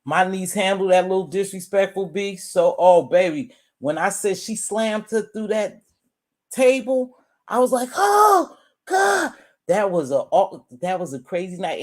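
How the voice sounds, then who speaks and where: A woman in her sixties telling a family story in a casual, animated way, often calling her listeners "baby" and "y'all.". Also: mid-range voice. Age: 60s. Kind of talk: casual storytelling to a live audience.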